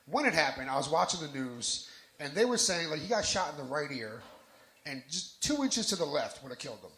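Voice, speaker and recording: A man's voice: fairly high pitch, big pitch swings, brisk, fairly bright tone. A man from New Jersey doing a live stand-up set on a bar lounge stage, brash and profane, working the crowd into his punchlines. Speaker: stand-up comedian. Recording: roomy bar with crowd noise.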